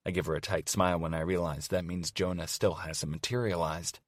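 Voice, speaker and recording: Male audiobook reader, very low voice, dry booth, wry first-person storytelling. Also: fairly even intonation, brisk, few pauses, no echo. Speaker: audiobook narrator. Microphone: studio microphone.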